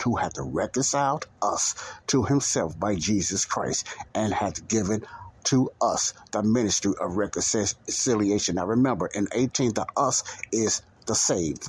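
Husky low-voiced man teaching scripture. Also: no room sound, rough recording. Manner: slow and emphatic, pausing between phrases. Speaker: preacher. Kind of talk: podcast Bible teaching.

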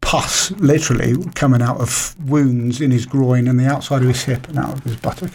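A man's voice: medium pitch, vocal fry, a little mellow, breathy edge. A middle-aged man from Britain, a radio show guest, talking casually with many fillers and restarts.

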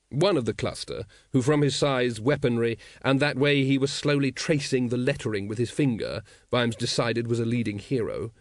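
A man narrating a comic fantasy audiobook in a wry, measured way. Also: medium pitch, no room sound, studio quality. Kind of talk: scripted narration.

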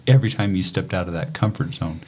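A man's voice: low-pitched, fast. A middle-aged man and father in a casual podcast chat, telling stories with lots of fillers and acting out quoted lines. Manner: animated storyteller, acts out quotes, many fillers. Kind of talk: casual conversation.

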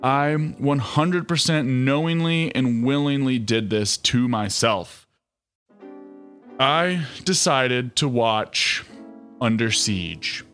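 A man's voice: mid-range voice, slow pace, soft background music. A man hosting a podcast in a casual chat, telling stories sarcastically. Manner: sarcastic, animated storytelling with many fillers. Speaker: podcast host.

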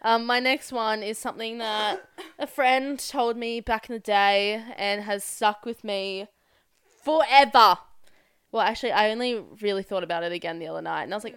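A woman's voice: medium pitch, normal speed, fairly bright tone, smooth, no echo, studio quality. A young woman around twenty co-hosting a podcast, easygoing and agreeable, swearing casually. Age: about 20. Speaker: podcast co-host. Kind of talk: casual chat.

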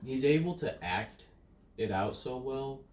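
A man's voice: medium pitch, lively intonation, a little slow. A man co-hosting a casual movie review chat, rambling and restarting his thoughts as he goes. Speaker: podcast co-host. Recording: roomy, distant mic, faint hiss.

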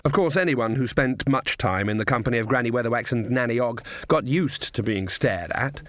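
A man narrating a comic fantasy audiobook in a dry, measured storytelling manner. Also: mid-range voice, fairly bright tone, no echo. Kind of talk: scripted narration.

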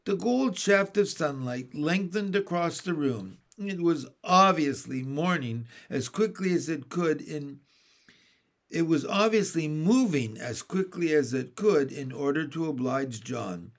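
Male storybook narrator; slow, animated, bright lively pitch. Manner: expressive and animated. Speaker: audiobook reader. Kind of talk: storybook reading.

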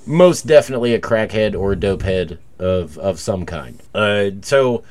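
A man co-hosting a podcast, telling stories casually with lots of swearing and turning loud when he acts out arguments. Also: lowish voice, lively intonation, moderate pace. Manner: profane storytelling, loud when acting out arguments. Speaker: podcast co-host. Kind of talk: casual chat.

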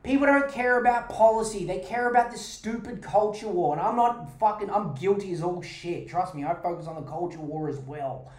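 A woman hosts her own podcast and delivers a heated, sarcastic rant full of swearing. Her voice sits at an ordinary middle pitch. The sound is roomy and echoey. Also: moderate pace, hardly any pauses, darkish tone. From Australia. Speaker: podcast host. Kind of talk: ranting podcast monologue.

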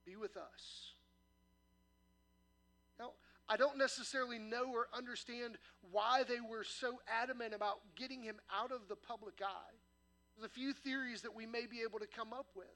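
High bright-voiced pastor preaching. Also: male voice, fairly even intonation, a little fast. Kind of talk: sermon. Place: church sanctuary.

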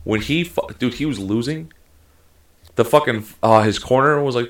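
A man's voice: mid-range voice, normal speed. A man co-hosting a casual sports chat, talking heatedly and emphatically with lots of swearing. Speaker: podcast co-host.

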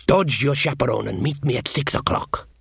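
A man voicing a smooth-talking male dwarf ladies' man with a suave, courtly manner, in a storybook reading. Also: mid-range voice, moderate pace, no echo, studio quality.

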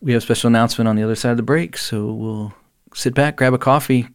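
Relaxed guy hosting a podcast, laughs easily, keeps chiming in. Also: mid-range voice, clean tone. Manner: easygoing, quick to laugh, chimes in often. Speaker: podcast host. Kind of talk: casual chat.

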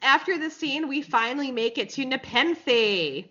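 Woman podcast co-host, higher voice, frank and sarcastic, swears casually, lo-fi sound. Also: animated, measured pace, sharp tone. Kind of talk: casual chat, recapping a TV episode. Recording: slightly dull, lo-fi podcast audio.

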